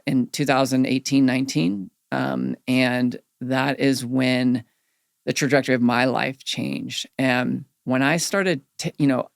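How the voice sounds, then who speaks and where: A middle-aged man, a guest on a podcast, candidly telling personal stories in an earnest, animated way. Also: mid-range voice, creaky, dry recording, clean studio sound. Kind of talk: reflective storytelling in a podcast interview.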